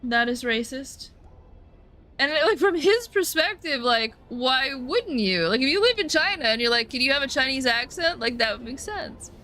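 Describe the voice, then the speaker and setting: A woman's voice: high-pitched, big pitch swings, normal speed, hardly any pauses, pushed and bright. A woman chatting casually and profanely while streaming a game, full of rambling asides. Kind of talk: casual gameplay commentary.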